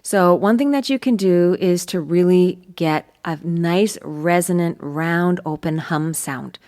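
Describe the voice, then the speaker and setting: Woman vocal coach, slightly low pitch, patient and encouraging teaching delivery. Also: slow, darkish tone. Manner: demonstrates hums between explanations.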